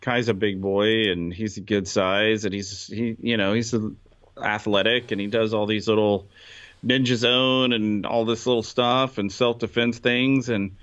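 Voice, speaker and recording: A man's voice: on the low side, fairly even intonation, unhurried, a bit bright. A man co-hosting a podcast, talking bluntly and casually in slang. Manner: blunt, slangy, calls people dude. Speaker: podcast co-host. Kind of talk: casual chat. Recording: slightly dull lo-fi sound.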